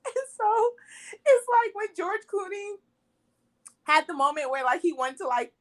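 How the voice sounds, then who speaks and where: This movie podcast co-host has an extremely high, sing-song voice and speaks at a measured pace. Casual and animated, she recounts scenes, acts out lines and laughs a lot.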